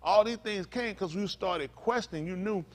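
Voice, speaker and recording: A male pastor preaching a loose, conversational sermon, asking the congregation questions and spelling out words. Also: high voice. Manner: stops to spell out Hebrew words slowly.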